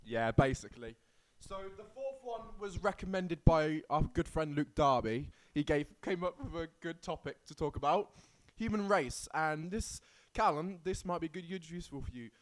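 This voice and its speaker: A man's voice: fairly high pitch, lively intonation, normal speed. A young man co-hosting a casual podcast, teasing his partner and often breaking into giggles. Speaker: podcast co-host. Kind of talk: casual chat.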